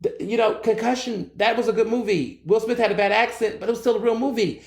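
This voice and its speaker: A man's voice: high-pitched, quick pace, a little mellow, echoey room. A man hosting his own solo podcast, ranting bluntly and with plenty of profanity. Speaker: podcast host. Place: recording in Philadelphia.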